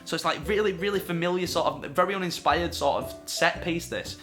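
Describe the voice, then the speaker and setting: A man co-hosting a casual film debate, acting out characters in quick voices as he talks. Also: sits high, a bit bright, soft background music. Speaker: film show co-host.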